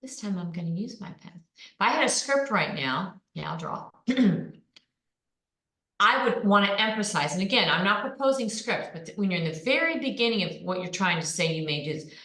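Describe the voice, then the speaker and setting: A woman's voice: medium pitch, moderate pace. Emphatic woman coaching presenters. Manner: energetic, emphatic, punches keywords. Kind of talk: online presenting lesson. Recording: echoey room.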